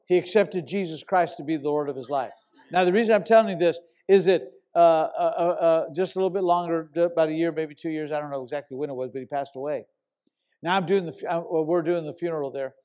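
A pastor telling a long personal story in a sermon, animated and casual, sometimes bursting into loud shouts. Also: male voice, fairly high pitch, fast talker, clean tone.

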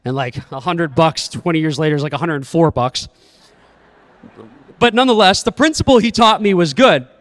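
Animated young preacher in an echoey hall. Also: male voice, a little high, a little fast. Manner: lively, humorous, dramatic. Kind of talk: storytelling sermon.

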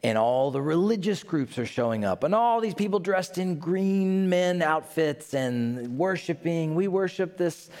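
A man's voice: a little high, animated, unhurried, hardly any pauses, a little mellow. A male pastor preaching a sermon, telling a story with playful asides. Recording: long hall reverb.

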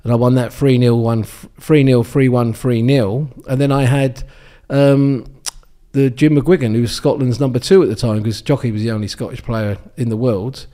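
A former darts champion from England, in his sixties, appears as a guest in a relaxed interview, rambling through stories with frequent ums and restarts. His mid-range voice is warm and steady, at a moderate pace.

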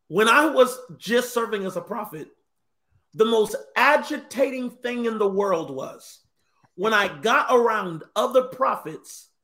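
A man's voice: sits high, pushed and bright. A man, a guest minister, telling a personal story earnestly with stammered restarts. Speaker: guest, apostle. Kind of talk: casual ministry discussion.

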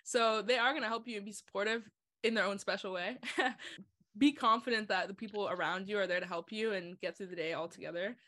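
A woman hosts a casual podcast chat. Her voice is bright and crisp, and she talks in a lively, chatty way, laughing lightly between points. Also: mid-range voice, brisk.

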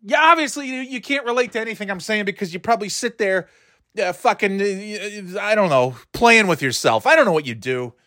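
A man's voice: high voice, expressive, brisk, bright, forceful tone, no echo, clean studio sound. A middle-aged man ranting casually, swearing often, sarcastic and grumbling, often stumbling and restarting his words. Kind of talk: rambling casual rant.

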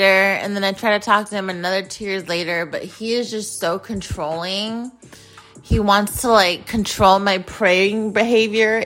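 A woman's voice: mid-range voice, fairly bright tone. A young woman from Phoenix hosting a podcast, telling a personal story in a blunt, profane way with lots of "like". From Phoenix, USA. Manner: blunt and profane, heavy use of "like". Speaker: podcast host. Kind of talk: casual storytelling monologue.

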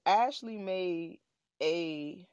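A woman's voice: lowish voice, drawn-out words, darkish tone, clear, resonant tone, no echo. A woman co-hosts a faith podcast, making her points with emphatic, preachy affirmations. Her mid-range voice comes through dry and slightly dull, with little room sound. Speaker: podcast co-host. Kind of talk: casual faith podcast chat.

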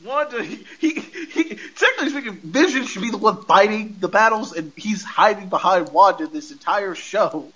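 A man's voice: high-pitched, normal speed, few pauses, breathy edge, highs cut off. A man hosting a podcast, retelling a TV episode in casual chat, laughing often and quoting the characters. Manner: animated retelling with frequent laughter and quoted lines. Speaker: podcast host.

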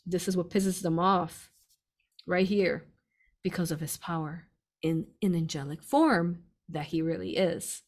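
A woman's voice: lowish voice, unhurried. A woman hosting a live spiritual stream, answering viewer questions in a chatty way, laughing often and calling listeners "you all".

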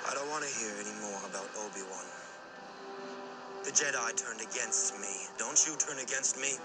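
An actor playing a bitter young man turning against those close to him, in a film scene with a loud orchestral score. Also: mid-range voice, moderate pace, loud music behind the voice, lightly acted. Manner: bitter, accusing. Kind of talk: dramatic film acting.

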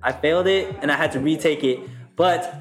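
Young male podcast co-host, slightly high voice, lively storyteller who swears freely, recorded in a reverberant room. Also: fairly quick, faint music behind. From Texas. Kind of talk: casual chat. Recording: echoey room.

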